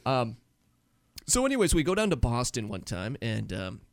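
A man's voice: medium pitch, huge pitch swings, normal speed, creaky, no room sound. A man co-hosting a casual podcast, joking and laughing as he tells odd news stories, sometimes putting on voices for the people in them. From New England. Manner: jokey, laughing, puts on voices for quotes. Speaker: podcast co-host. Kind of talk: casual chat.

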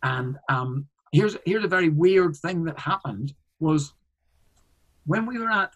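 A man's voice: a little high, animated, unhurried, fairly bright tone, poor audio. A man, a comedian, telling a story in a casual interview, rambling with frequent restarts and fillers. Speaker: guest, comedian.

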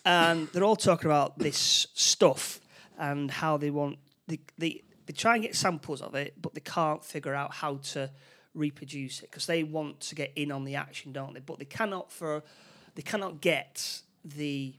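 A man talks through a film's plot in a relaxed chat, his pitch sitting a bit higher than most men's. He stops and restarts often and keeps checking in with tag questions. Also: moderate pace. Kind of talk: casual film recap chat.

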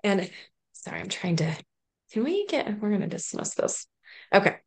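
A woman's voice: medium pitch, big pitch swings, normal speed, creaky. A woman in her thirties telling a personal story in an interview, earnest and emotional, often restarting sentences and laughing. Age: 30s. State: close to tears at moments. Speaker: podcast guest.

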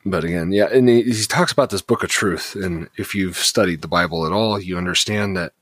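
Co-host: deep man, dry close sound, talks through scripture at length. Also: brisk, no room sound. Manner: explains passages at length, animated paraphrase. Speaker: podcast co-host. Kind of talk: casual Bible study discussion.

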